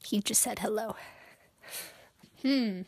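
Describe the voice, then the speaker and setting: A woman's voice: medium pitch, slow, a little mellow. A young woman from Utah hosting a solo podcast from her bedroom, chatting in a rambling, awkward, self-deprecating way. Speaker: podcast host.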